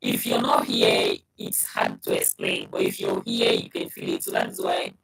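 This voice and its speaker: Very deep gravelly man with a strong accent. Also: completely flat delivery, moderate pace, fairly bright tone, low-quality recording. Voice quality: strong accent he describes himself. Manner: conversational, repeats points, addresses the listener directly. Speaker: vlogger giving advice on moving abroad. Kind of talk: casual advice monologue.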